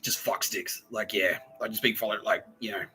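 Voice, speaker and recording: Man, podcast host, profane rambling monologue, very bright voice, faint music behind. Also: fairly low pitch, fairly even intonation, moderate pace, low-quality recording.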